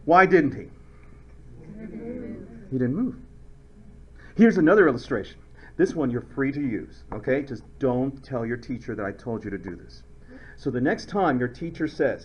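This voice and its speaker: A man's voice: medium pitch, expressive, normal speed, long pauses, lo-fi sound, a little hiss or hum. A man teaching a chemistry lecture in a playful, joking way, acting out little skits to explain ideas. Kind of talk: recorded classroom lecture.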